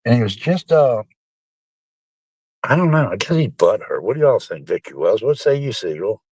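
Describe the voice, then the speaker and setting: A man's voice: fairly low pitch, big pitch swings, normal speed, a little mellow, no room sound. A middle-aged man, rambling casually and profanely to his live-stream chat, calling them folks.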